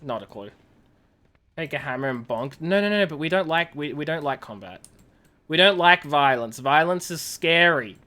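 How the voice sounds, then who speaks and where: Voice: mid-range voice, lively intonation, moderate pace, bright, forceful tone. A game streamer chatting casually while playing, joking and laughing often. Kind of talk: casual gameplay chat.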